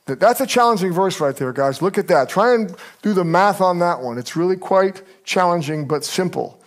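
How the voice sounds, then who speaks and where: Preaching as a pastor, an older man with a high-pitched voice speaks at a normal speed. He's an animated storyteller who brings quoted people to life by acting them out.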